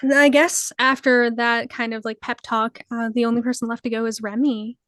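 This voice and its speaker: Woman gm narrating a tabletop game, kinda high voice, dry close sound, lots of ums. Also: moderate pace, no room sound. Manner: relaxed, hesitant with many ums and laughs. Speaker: game master.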